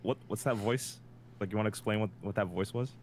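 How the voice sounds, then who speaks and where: A man's voice: lowish voice, quick pace, darkish tone, a little hiss or hum. A young man streaming, chatting casually with dry, teasing jokes. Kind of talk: casual gaming stream chat.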